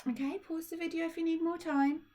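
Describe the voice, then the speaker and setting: A woman with a Birmingham accent, a primary school teacher recording a phonics lesson for young children, patient and encouraging, spelling out sounds slowly. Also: extremely high pitch, steady tone, darkish tone. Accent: Birmingham (Brummie).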